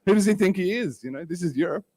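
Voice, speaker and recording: A man putting on an angry shouting pizza seller. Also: high voice, expressive, fast talker, voice pushed up. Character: angry foreign male pizza seller, grumbling.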